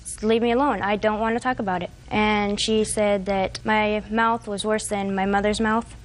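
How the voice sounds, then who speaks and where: A woman's voice: medium pitch, fairly even intonation, moderate pace. A woman in her twenties testifying as a defendant in a TV courtroom, telling a long, hesitant, rambling account. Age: 20s.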